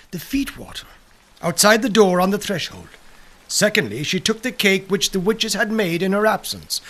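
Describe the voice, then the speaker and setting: A man reading folk tales aloud in a slow, dramatic storytelling manner. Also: high-pitched, a bit bright. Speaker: narrator. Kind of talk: scripted folklore narration.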